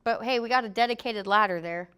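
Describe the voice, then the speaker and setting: Woman, high pitch, safety trainer, jokey, acts out quotes, classroom talk. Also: fast talker, fairly bright tone, clean tone. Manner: joking, acts out quotes in funny voices.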